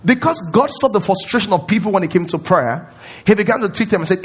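A man's voice: high voice, lively intonation, quick pace, slightly rough. A man preaching a sermon as pastor at a church service, emphatic and repetitive, often quizzing his congregation.

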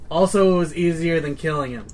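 A man's voice: a little high, a little fast. A man playing a tabletop game, tossing in dry, offhand quips. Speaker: player. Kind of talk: casual tabletop play. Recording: faint background noise.

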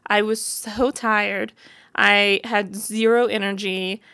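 Frank, gravelly-voiced woman in her thirties. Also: medium pitch, flat delivery, takes it slowly, sharp tone, no echo, clean studio sound. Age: 30s. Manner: frank and chatty, with many fillers. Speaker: vlogger. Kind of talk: candid personal storytelling.

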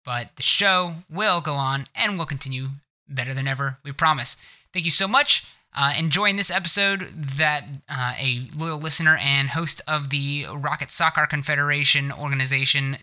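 Podcast guy rambling with lots of ums, bright sharp voice. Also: mid-range voice. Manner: rambling, filler-heavy, giggly. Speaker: podcast co-host. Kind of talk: casual chat.

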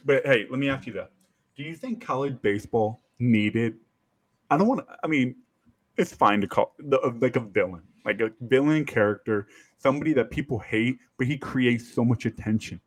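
A man hosting a casual sports podcast, telling stories with lively acted-out quotes and casual swearing. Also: mid-range voice, normal speed, no room sound. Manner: animated storyteller, acts out quotes, swears casually. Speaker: podcast host.

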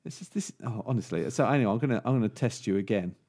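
Creaky-voiced man in casual podcast chat. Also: lowish voice, animated, very fast, a little mellow. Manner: rambling, with many fillers and restarts. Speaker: podcast co-host. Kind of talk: casual chat and joke telling.

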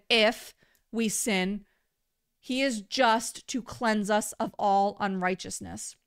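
Smooth-voiced woman teaching scripture earnestly. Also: a little high, fairly bright tone. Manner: earnest, conversational, repeats words for emphasis. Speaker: Bible teacher. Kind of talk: livestreamed Bible teaching.

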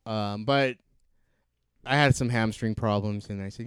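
A man with a smooth, clear voice and a medium pitch, talking on a casual podcast. He rambles and keeps correcting himself mid-sentence, and the sound is dry and close, with no room around it. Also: steady tone, a little slow, a bit bright, dry recording. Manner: rambling, self-correcting storyteller. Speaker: podcast co-host. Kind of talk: casual chat.

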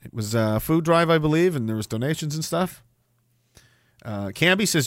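A man's voice: on the high side, lively intonation, normal speed, no room sound, clean studio sound. A man from Canada hosting a livestream, reading chat messages and ranting sarcastically with plenty of swearing. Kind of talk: casual live-stream talk.

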